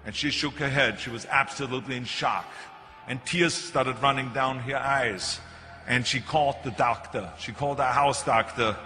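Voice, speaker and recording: A man's voice: medium pitch, moderate pace. An older man with a German accent, giving a motivational speech and telling stories with punchy emphasis. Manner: animated storytelling with punchy emphasis. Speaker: keynote speaker. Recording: echoey hall, faint music.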